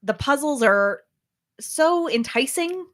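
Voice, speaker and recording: A woman's voice: sits high, animated, slow, fairly bright tone. A woman co-hosting a casual podcast, talking about a game with lots of restarts and filler words. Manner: chatty, with many fillers and restarts. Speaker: podcast co-host.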